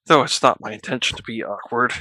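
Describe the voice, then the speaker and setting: A man chatting casually on a live stream from his home at night, slow and wry, laughing between remarks. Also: medium pitch, bright, forceful tone.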